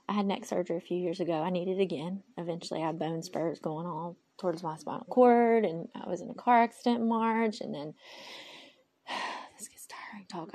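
Gravelly, husky woman talking to herself. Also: fairly low pitch, a little mellow. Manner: candid, rambling, talks to herself aloud; faith-filled, speaks of God. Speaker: podcast host. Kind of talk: personal podcast monologue. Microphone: phone.

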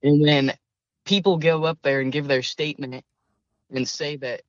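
A young man is a guest in an interview, speaking earnestly and a bit hesitantly, with frequent restarts. His pitch is in the middle range for a man, and the recording sounds slightly dull and lo-fi, dry with no room echo. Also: steady tone, moderate pace. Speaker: student guest. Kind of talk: conversational interview.

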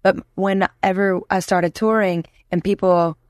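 A woman from Louisiana in her thirties, a musician guest in an interview, telling stories in a lively way and acting out the voices she quotes. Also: mid-range voice, a little slow, dry recording, studio quality. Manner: animated storyteller, acts out quoted voices. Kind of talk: casual interview chat.

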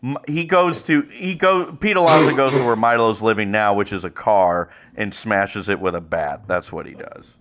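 A man's voice: on the low side, moderate pace, few pauses, fairly bright tone. A young man co-hosting a comedy podcast, joking animatedly with profanity and frequent laughter. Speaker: podcast host. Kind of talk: casual comedic chat.

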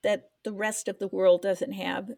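A woman's voice: mid-range voice, level tone, a little slow, creaky, mellow, no room sound. An older woman, a podcast co-host, telling an emotional personal story in casual chat, trying to hold back tears.

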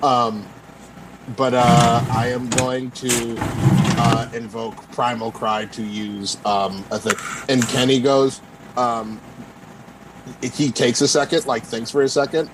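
A man's voice: medium pitch, level tone, slow. Guy rambling as a player, mid voice, noisy recording. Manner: rambling, full of "like" and "um". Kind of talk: casual tabletop play.

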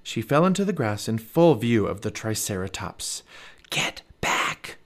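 A man reading a children's storybook aloud as narrator, expressive and animated. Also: on the low side, moderate pace.

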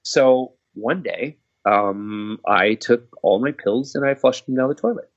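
A man casually telling a personal story, halting and restarting often, swearing now and then. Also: mid-range voice, muffled recording. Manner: halting, frequent restarts and fillers.

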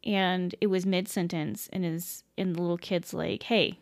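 A woman's voice: on the low side, fairly even intonation, moderate pace, vocal fry, a little mellow. A woman casually telling a ghost story at home, rambling with many fillers, self-corrections and casual swearing. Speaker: podcast host.

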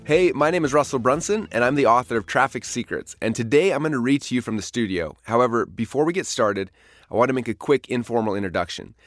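A man reading his own book aloud as an audiobook in a recording studio, brisk and earnest. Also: medium pitch, expressive, no echo, faint music behind. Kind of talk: audiobook narration.

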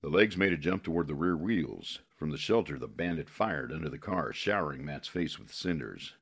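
A man narrating a western novel in a steady, measured way. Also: very deep voice, husky.

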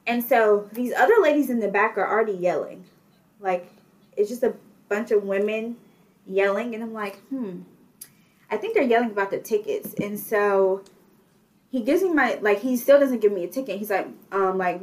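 A young woman chatting casually, telling an animated story with lots of filler words. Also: mid-range voice, moderate pace, long pauses. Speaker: guest telling a travel story. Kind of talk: casual chat.

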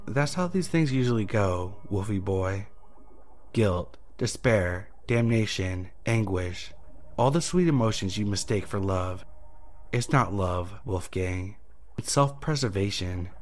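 A man's voice: fairly low pitch, animated, measured pace, a little mellow. A man voicing a smug, mocking male deal maker who taunts with gleeful amusement in a horror story reading.

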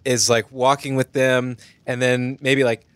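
A man's voice: medium pitch, little pitch movement, a little slow, fairly bright tone, clear, resonant tone, dry recording. A man playing a tabletop game, describing his character's moves with many halts and fillers. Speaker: player.

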